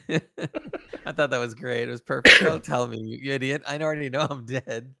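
A man's voice: mid-range voice, creaky, heavy background noise. A man co-hosting a casual review podcast who jumps in and argues his points with energy. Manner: animated, quick to interject and argue a point. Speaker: podcast co-host.

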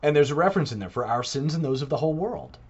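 A man talking in a casual podcast monologue, animated and putting on mock voices when he quotes others. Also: a little high, rapid-fire, slightly rough, lo-fi sound. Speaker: Catholic podcaster.

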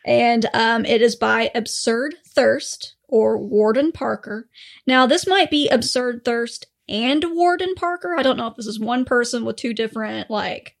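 A woman's voice: a little high, unhurried, gravelly. A woman co-hosting a podcast in a chatty, rambling way, swearing freely. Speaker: podcast co-host. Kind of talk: casual chat.

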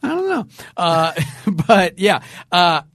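A man co-hosting a podcast in casual chat, upbeat and wry, tossing in quick quips. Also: high voice, very animated, fairly bright tone, no echo, studio quality. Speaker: podcast co-host.

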